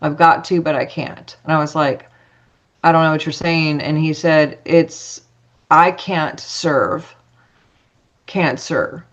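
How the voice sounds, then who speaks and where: A woman's voice: sits low, level tone, normal speed, dull audio. A woman telling a personal story as a podcast guest, chatty, acting out dialogue with lots of fillers.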